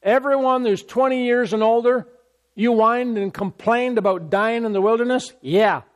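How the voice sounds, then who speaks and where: A man preaching a sermon, repeating scripture references and mocking complainers in an animated way. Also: very high voice, normal speed. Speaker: pastor.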